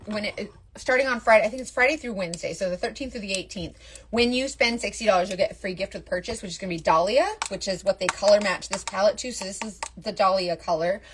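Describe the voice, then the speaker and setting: A young woman, chatting casually to viewers on a live stream as a makeup seller, animated and answering their comments as she goes. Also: medium pitch, slight background noise.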